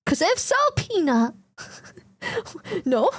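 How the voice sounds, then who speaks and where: This young woman streamer, from Germany or the Netherlands, has a high, animated voice and speaks a little slowly. She chats casually with viewers, reads messages aloud, giggles often and swears freely.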